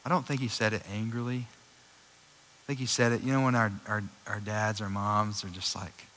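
A young adult man preaching a sermon in a conversational, animated way, with frequent fillers and restarts. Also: lowish voice, moderate pace, a little hiss or hum, low-quality recording. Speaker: pastor.

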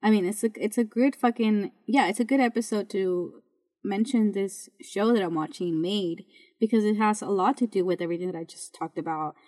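A woman's voice: medium pitch, a little fast, a little mellow. A woman hosting a podcast in a casual monologue, blunt and full of swearing, rambling with restarts. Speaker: podcast host.

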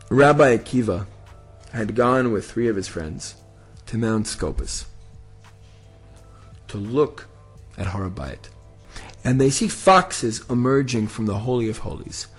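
A man's voice: medium pitch, breathy edge. A man teaching history with dramatic emphasis, building to emphatic peaks. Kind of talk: impassioned history lesson.

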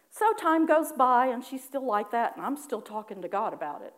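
A woman preaching a personal testimony, animated in her storytelling, acting out her own prayers with laughing asides. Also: high voice, unhurried. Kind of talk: sermon testimony.

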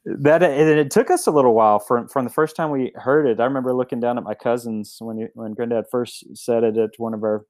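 A man's voice: medium pitch, brisk, few pauses, darkish tone, no echo. A man telling a story in a casual interview, rambling with many restarts and fillers. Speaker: guest, family member of a restaurant chain.

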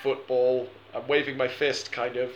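A man's voice: mid-range voice, level tone, normal speed, echoey room, highs cut off, a little hiss or hum. A man hosting a casual film podcast, rambling and joking with frequent laughs. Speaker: podcast host.

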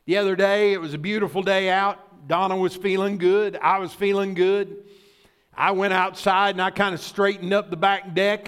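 Older male pastor, high voice, slow deliberate delivery, fervent sermon style. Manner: fervent, excitable, builds to shouts.

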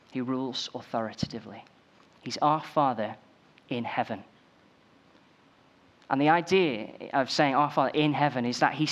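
A man's voice: medium pitch, fairly bright tone. A man preaching a sermon, building emphasis through repeated phrases.

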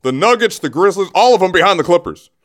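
His voice sits high and a bit bright, with lively intonation and a fast delivery. The radio host rambles and cracks jokes while building a tease, frequently breaking off to restart his thoughts, speaking into a studio microphone in a radio studio also streamed on camera.

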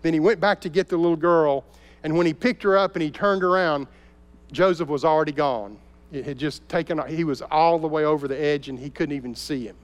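Pastor preaching in a reverberant hall. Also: male voice, fairly high pitch, fairly quick, smooth. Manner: storytelling, dropping to soft intense tones. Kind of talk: sermon. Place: church sanctuary. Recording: long reverb of a large hall.

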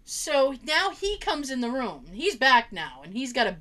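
A woman chats through a funny family story in a relaxed, conversational way. Her voice sits a little high and swings widely in pitch as she gets into it. She laughs often along the way. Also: unhurried. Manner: animated, laughs often, acts out relatives' voices. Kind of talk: casual storytelling chat.

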